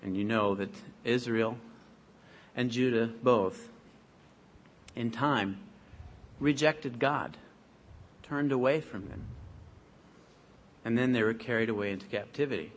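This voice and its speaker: A man preaching a sermon, reading scripture aloud in a measured, emphatic way. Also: medium pitch.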